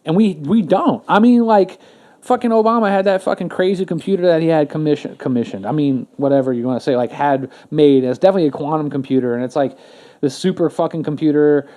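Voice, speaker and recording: A man chatting casually on a podcast, his voice sitting a little high yet warm and soft-edged. He rambles, swears freely and keeps restarting his sentences with fillers. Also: fast talker. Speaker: podcast co-host.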